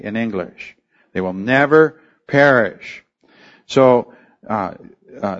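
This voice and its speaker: Slow, emphatic preacher man. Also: mid-range voice, muffled recording. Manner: emphatic, rhetorical questions, deliberate teaching. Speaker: pastor. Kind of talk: expository sermon.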